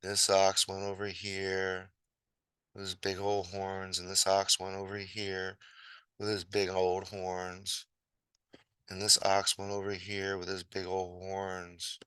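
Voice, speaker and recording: A man casually telling a fable while sketching, rambling and playful with chatty asides. His voice is fairly low but bright and forceful, heard close and dry. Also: completely flat delivery, takes it slowly, smooth, no echo, low-quality recording. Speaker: storyteller.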